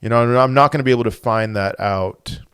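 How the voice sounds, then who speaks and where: A man with a smooth, clear mid-range voice chatting casually on a livestream from a home desk mic. He thinks out loud in loose, rambling runs. The sound is close and dry. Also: medium pitch, a little fast, dry recording. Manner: thinks aloud, rambling with restarts. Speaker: crypto livestream host. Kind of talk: casual livestream chat, reading viewer comments.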